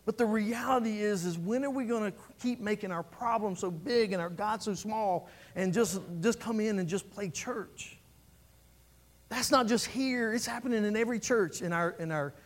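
A man's voice: high voice, normal speed. A man preaching a sermon as pastor, fervent and building through repeated phrases.

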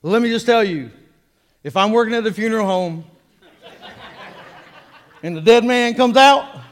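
A man preaching a sermon, animated and joking as he draws the congregation in. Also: sits high, measured pace. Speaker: pastor. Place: church sanctuary. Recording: long reverb of a church hall.

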